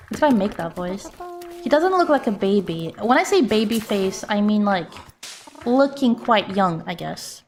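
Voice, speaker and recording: A young woman streaming live, chatting casually in an excitable, giggly, easily flustered way. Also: mid-range voice, normal speed, a little hiss or hum.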